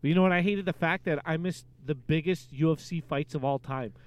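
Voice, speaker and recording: A man co-hosting a casual podcast, telling jokey sports stories and rants in an animated way. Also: a little high, a little fast. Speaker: podcast co-host.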